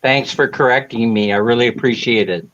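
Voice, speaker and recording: A man's voice: medium pitch, brisk, a bit bright, highs cut off. A man hosting a casual live stream, answering a caller with wry jokes and apologies.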